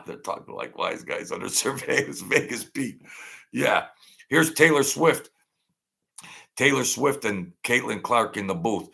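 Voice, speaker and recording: A man's voice: mid-range voice, expressive, unhurried, vocal fry, bright, forceful tone, breathy edge. A middle-aged man hosting a late-night hangout stream, rambling in a mocking tone and repeating himself. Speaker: channel host.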